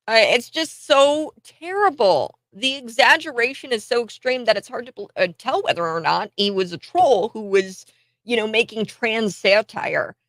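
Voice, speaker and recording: A woman's voice: on the high side, lively intonation, measured pace, fairly bright tone, no echo. Woman commentary host, rural US upbringing, sarcastic and chatty, dry close recording. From rural United States. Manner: chatty, sarcastic, laughs often. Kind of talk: opinionated commentary.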